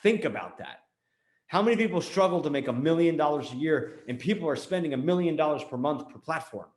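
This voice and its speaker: A man's voice: fairly high pitch, lively intonation, brisk, echoey room. An American man hosting a show, giving a blunt, emphatic motivational talk on business and repeating points for emphasis. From United States. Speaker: host.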